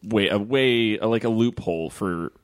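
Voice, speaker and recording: A man in a casual podcast chat, talking haltingly and repeating words. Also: lowish voice, clean tone, no echo.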